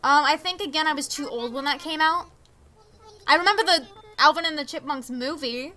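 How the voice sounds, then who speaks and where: Bright high-voiced teen girl streamer. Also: a little fast. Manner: chatty, reads chat aloud, reacts to game villagers. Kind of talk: casual live-stream chat while gaming.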